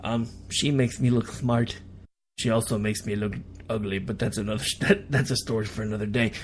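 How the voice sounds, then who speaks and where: An American man hosting a radio show, reading international news aloud and breaking off into sarcastic, self-deprecating asides with halting restarts. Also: lowish voice, steady tone, slight background noise. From United States. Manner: reads news then adds chatty sarcastic asides. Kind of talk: casual news commentary.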